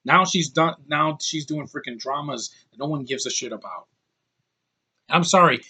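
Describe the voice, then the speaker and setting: A man's voice: fairly high pitch, normal speed, sharp tone, breathy edge. A man giving a casual, ranting film review, blunt and heated, often repeating and restarting his words. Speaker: movie reviewer.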